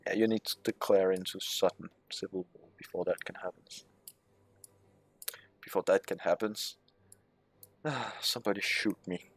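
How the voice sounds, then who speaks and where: A man's voice: sits low, steady tone, normal speed, pauses often, breathy edge, dry recording. A man giving casual gameplay commentary, reading game text aloud with muttered, swearing asides. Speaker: strategy game let's player.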